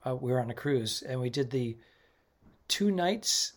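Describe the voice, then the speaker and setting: Male comedian co-host, casual halting delivery with fillers, mid pitch. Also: lively intonation. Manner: halting, many fillers and restarts. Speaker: stand-up comedian, podcast co-host. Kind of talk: casual chat.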